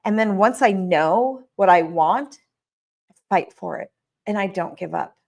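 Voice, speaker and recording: A woman's voice: mid-range voice, lively intonation, unhurried, vocal fry, darkish tone. A middle-aged woman hosting a coaching podcast, talking candidly about her own life and often asking "right?". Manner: candid and personal, often adds a questioning "right?". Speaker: podcast host and business coach. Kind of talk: motivational podcast talk.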